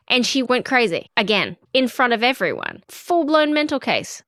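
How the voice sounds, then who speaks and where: A woman co-hosts a podcast, her voice a little high, moving at a normal speed with few pauses. The studio sound is clean with no room echo. In casual chat she tells an outraged story, animated and indignant, acting out the quotes of the people involved.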